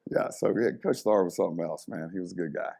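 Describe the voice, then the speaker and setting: A man's voice: deep voice, fast talker, creaky. A middle-aged man, a former strength coach, telling stories in a casual interview and acting out the people in them. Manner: animated storyteller, acts out quoted voices.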